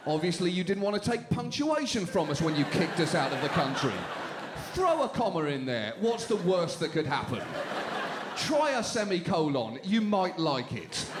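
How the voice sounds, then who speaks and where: A British man hosting a stand-up show, delivering jokes with dry deadpan timing on a club stage. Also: high-pitched, normal speed. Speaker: comedy show host. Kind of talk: stand-up comedy. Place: comedy club stage with live audience. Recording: laughing crowd and room noise.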